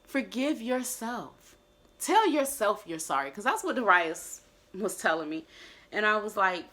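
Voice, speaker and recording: Bright-voiced woman, earnest and heartfelt. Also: lowish voice. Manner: heartfelt, earnest and emotional, with soft self-talk. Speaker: vlogger. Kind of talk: personal reflective monologue.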